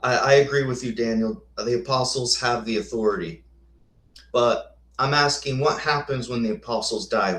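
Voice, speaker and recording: A man's voice: on the low side, a bit bright. A man hosting a casual lecture with slides, thinking aloud with rhetorical questions and answering viewers' comments. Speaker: host. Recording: echoey room.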